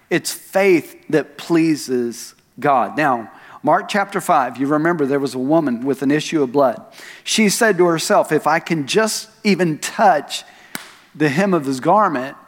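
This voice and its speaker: A man's voice: on the high side, in a large hall. A man preaching a sermon as pastor, telling stories with self-deprecating asides and leaning hard on key words. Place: church sanctuary.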